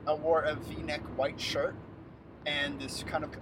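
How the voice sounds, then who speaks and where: A man's voice: fairly high pitch, measured pace. A man in his thirties telling a story in casual chat, acting out the people he quotes and laughing as he goes. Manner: animated, acts out quotes, laughs mid-story. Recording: noisy recording with traffic outside.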